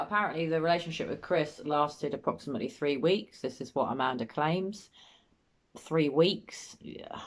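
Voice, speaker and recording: A woman with a low voice talks through an interview clip in a doubtful, thinking-aloud way. She comments steadily, often circling back to the same misgivings. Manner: doubtful, musing, often repeats herself. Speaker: host, body language commentator. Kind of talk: analytical commentary.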